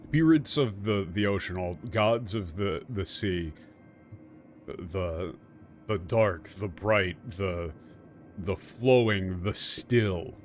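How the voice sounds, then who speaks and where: A man streaming a game, giving irreverent, swearing commentary and haltingly translating lines. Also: on the low side. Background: game music.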